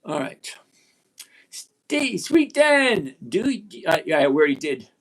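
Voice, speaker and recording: High-voiced retired man in his sixties. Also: big pitch swings, a bit bright. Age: 60s. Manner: blunt, emphatic, repeats key points slowly. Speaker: livestream host. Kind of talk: live stock-trading chat.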